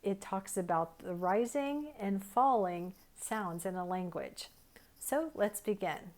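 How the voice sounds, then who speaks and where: A woman teaching English pronunciation, speaking slowly and deliberately. She says each example question carefully so learners can copy the rise and fall. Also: medium pitch, lively intonation, darkish tone. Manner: carefully enunciated model sentences. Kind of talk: slow, clear teaching delivery.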